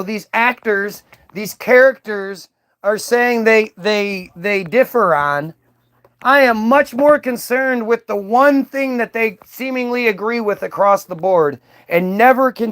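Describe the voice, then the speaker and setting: A man's voice: very high-pitched, fairly bright tone. A man delivering a combative, profane, rambling monologue to his stream audience, often restarting his sentences. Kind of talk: ranting monologue.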